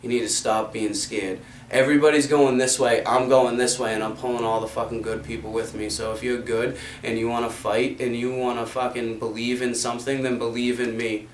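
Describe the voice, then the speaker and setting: A man's voice: mid-range voice, little pitch movement, a little fast, a little hiss or hum. A young man delivering an impassioned, profanity-laced rant to the camera in a fervent, preachy way. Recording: roomy sound from a distant mic.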